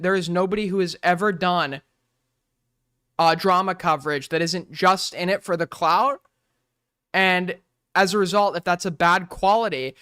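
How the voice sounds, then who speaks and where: A man's voice: high voice, bright, forceful tone, clean tone, dry recording, studio quality. A man with a New York accent from Long Island, ranting profanely and sarcastically in casual livestream commentary. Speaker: streamer reacting to drama.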